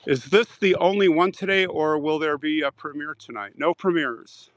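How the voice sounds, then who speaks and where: A man on a live outdoor stream, chatting casually and joking with his viewers, now and then clearing his throat. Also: fairly high pitch, moderate pace, dry recording, rough recording. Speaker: vlogger reading live chat. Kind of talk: casual live-stream chat while walking a cemetery. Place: outdoor cemetery.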